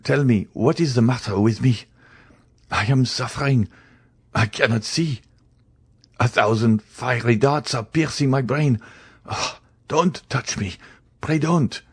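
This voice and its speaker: A man's voice: medium pitch, extremely slow, pauses often, husky, no room sound, studio quality, pitched above the performer's own voice, full character voice. A man voicing an old male servant collapsing in agony, in pained, pleading tones, read in an audiobook. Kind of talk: audiobook character reading.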